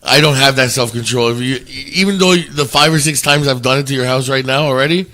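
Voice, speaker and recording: A man with a bright, forceful tone at a mid-range pitch. He talks bluntly on a casual podcast, swearing and tripping over his words. His storytelling is rough and unpolished. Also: brisk. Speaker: podcast co-host. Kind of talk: casual chat.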